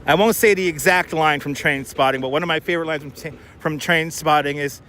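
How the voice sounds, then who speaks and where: His voice is a little high, bright and forceful, and he talks briskly with few pauses. The man is hosting a relaxed street-walking live stream on a wireless clip-on mic, chatty and rambling as he reads viewers' comments aloud.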